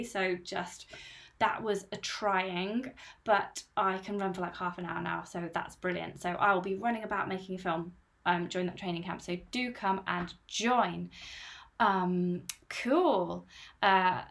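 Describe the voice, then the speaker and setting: Chatty woman hosting a live stream. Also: medium pitch. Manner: chatty and upbeat, reading out viewer comments. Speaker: host of a running channel live stream. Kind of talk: casual live-stream chat.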